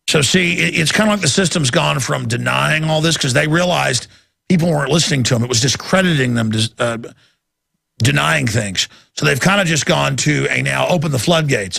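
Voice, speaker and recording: A man's voice: on the high side, lively intonation, a little fast, gravelly, fairly bright tone, slightly rough, no room sound, clean studio sound. A man hosting a talk show, giving emphatic, rambling, impassioned commentary. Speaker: show host.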